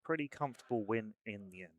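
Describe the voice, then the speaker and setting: Fast-talking upbeat male esports caster. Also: lowish voice, animated, no echo. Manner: brisk, upbeat, reads sponsor shout-outs. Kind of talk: live game commentary.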